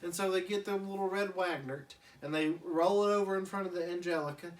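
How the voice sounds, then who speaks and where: A man's voice: high voice, brisk, echoey room, recorded from a distance. A man casually retelling a cartoon episode for friends, crude and rambling. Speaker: storyteller among friends. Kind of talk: comic retelling with voices.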